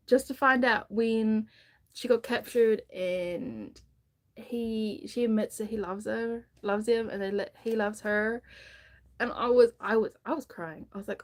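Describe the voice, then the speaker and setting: A woman with a slightly high voice talks loosely on a live stream. She gushes about a book she loved, stumbles over her words and restarts her sentences, with plenty of fillers. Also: steady tone, a little slow. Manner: chatty and rambling, with many restarts and fillers; gushing enthusiasm about a book. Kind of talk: casual live book chat.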